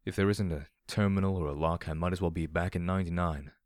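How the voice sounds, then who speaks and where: A man reading an audiobook voices a timid, clever young male pony who speaks softly and gently. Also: deep voice, fairly even intonation, quick pace, dry recording, clean studio sound, lightly acted. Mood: frightened. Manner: soft-spoken and gentle.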